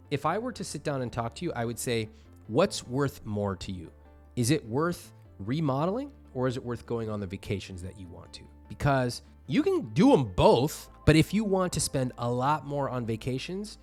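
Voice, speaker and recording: A man hosting a personal finance show, reviewing viewer budgets in a blunt, animated way with exasperated asides. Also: mid-range voice.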